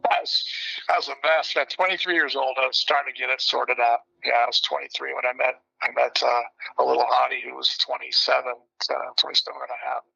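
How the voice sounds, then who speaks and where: A man guest telling his life story candidly, in a blunt and animated way. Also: mid-range voice, fairly quick, gravelly, breathy edge, lo-fi sound. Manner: blunt and animated, breaks into laughter.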